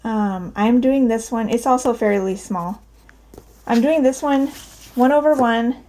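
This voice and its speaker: A woman's voice: a little high, a little mellow. A woman chatting casually at home while showing her cross-stitch projects, upbeat and full of ums. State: out of breath. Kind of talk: casual show-and-tell vlog. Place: home, daughter's bedroom.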